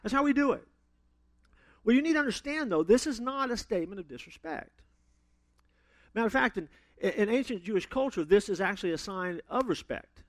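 A man preaching a sermon, telling stories with sudden loud emphasis and playful asides. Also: high-pitched, expressive, brisk, pauses often, dry recording.

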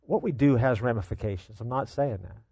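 A man's voice: mid-range voice, a little fast, warm tone, husky, no echo. A man preaching a sermon, telling a story in an earnest, dramatic way.

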